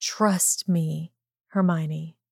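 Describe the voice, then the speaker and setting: A possessive, self-assured young man from a read-aloud romance story, as a woman narrator puts him on. He talks slowly and steadily, close and dry with no room sound. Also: gravelly, no echo, exaggerated voice. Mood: soothing. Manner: steady, low-key delivery. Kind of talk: audiobook reading of fan fiction.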